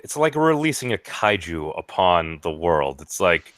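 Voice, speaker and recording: A man's voice: deep voice, sing-song, measured pace, fairly bright tone, dry recording. A man hosting a livestream in casual banter, rambling with many stammering restarts.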